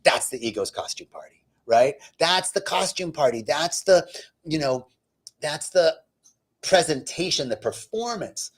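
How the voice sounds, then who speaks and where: Animated, joking man giving a spiritual talk. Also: a little high, unhurried. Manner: animated, self-deprecating humor; conversational, lots of "right?" asides. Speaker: spiritual teacher. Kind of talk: spiritual talk with personal story.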